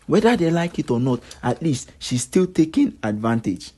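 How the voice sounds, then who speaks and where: A man's voice: a little high, very animated, normal speed, mellow, husky. A man delivering a solo gossip commentary, repeating himself for emphasis and asking rhetorical questions.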